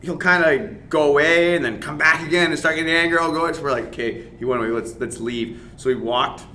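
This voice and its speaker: A man's voice: fairly high pitch, fairly quick, slight background noise. A man in a podcast interview, an MMA fighter casually telling a story, swearing and acting out the other people's lines. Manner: animated, swears, acts out dialogue, laughs while telling.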